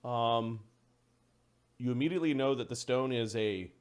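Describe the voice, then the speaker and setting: A man narrating a tabletop game as game master, slow and deliberate with pauses. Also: medium pitch, clean tone.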